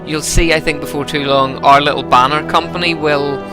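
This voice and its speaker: A man's voice: on the high side, fairly even intonation, moderate pace, over music. A man giving casual, rambling commentary over a story game, tipsy and chatty. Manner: chatty, rambling, laughs between lines. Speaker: gameplay commentator.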